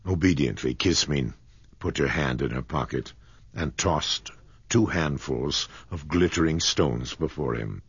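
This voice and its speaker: Slow, deep, husky male storyteller. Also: lively intonation, fairly bright tone, no room sound, dull audio. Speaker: narrator. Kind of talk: audiobook narration.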